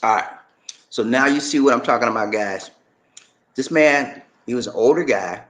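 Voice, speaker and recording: A man's voice: medium pitch, normal speed, fairly bright tone, low-quality recording. A man hosting a casual livestream, chatting to his viewers and calling them y'all. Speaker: livestream host.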